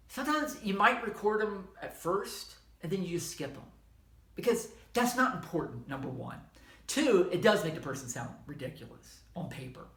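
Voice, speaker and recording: A middle-aged man with a Southern American accent giving an informal, conversational history lecture, correcting himself as he goes. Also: high-pitched. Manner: conversational, self-correcting, animated asides. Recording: echoey room.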